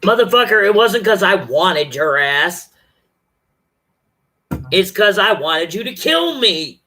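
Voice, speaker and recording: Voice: mid-range voice, big pitch swings, slow, bright, forceful tone. A vlogger telling a personal story in a casual, profane, emphatic monologue, acting out the other people's lines.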